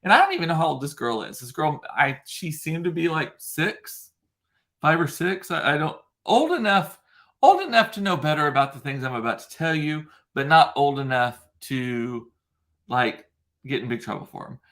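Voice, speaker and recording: A man's voice: a little high, lively intonation, normal speed, a bit bright. A young man vlogging casually, rambling through a funny story with lots of ums and laughing asides. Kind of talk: casual chat to camera.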